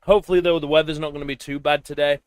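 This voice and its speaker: A man's voice: on the high side, fairly even intonation, very fast, clean tone, dry recording. A man streaming a game, making sarcastic, crude jokes in casual commentary. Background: game music.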